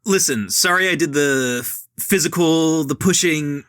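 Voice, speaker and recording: A man reading the lines of a young male hero who casually tries to calm a hostage-taker. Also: on the high side, measured pace, dry recording, studio quality. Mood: placating.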